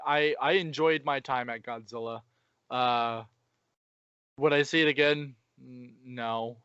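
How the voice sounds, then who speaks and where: A man co-hosting a podcast, chatting casually with an animated, profane, joking way of retelling scenes. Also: medium pitch, no echo, lo-fi sound. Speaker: podcast co-host. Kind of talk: casual chat.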